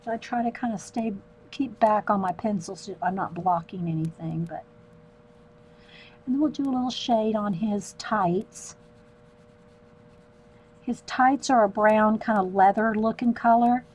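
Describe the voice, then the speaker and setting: Woman, mid-pitched voice, art livestream host, casual running chat while drawing. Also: unhurried, pauses often. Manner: chatty and relaxed, talks to viewers while she works, laughs often.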